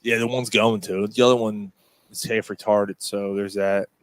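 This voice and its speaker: A man's voice: fairly low pitch, flat delivery, moderate pace, clear, resonant tone, no echo. A man hosting a podcast, telling a rowdy story in casual chat, swearing constantly and laughing as he goes. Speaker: podcast host.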